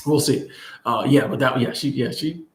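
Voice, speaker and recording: A man tells a story in a loose, rambling way, with lots of fillers and restarts. His voice sits at an ordinary middle pitch. The room around him echoes noticeably. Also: moderate pace. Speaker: vlogger. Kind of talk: casual storytime chat. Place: in Bangkok.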